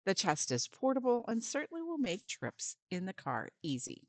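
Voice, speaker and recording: A woman's voice: medium pitch, huge pitch swings, moderate pace, darkish tone, dry recording. A woman volunteer giving a friendly step-by-step craft lesson for parents and children, with some fillers.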